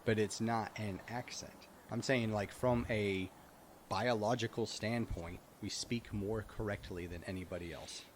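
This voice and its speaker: Man, podcast co-host, low-ish voice, emphatic and argumentative, faint noise behind. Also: steady tone, unhurried. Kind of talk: casual chat.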